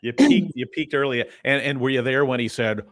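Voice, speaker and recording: A man hosting a casual interview, playful and enthusiastic, tossing in quick quips. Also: medium pitch, no echo. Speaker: interview host.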